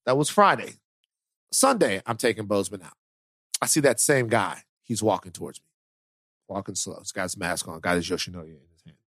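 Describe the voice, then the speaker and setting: A man hosting a podcast, telling stories in casual chat with lots of repeated words, sinking lower and softer when the story turns serious. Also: expressive, fairly quick, long pauses, dry recording, studio quality. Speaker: podcast host.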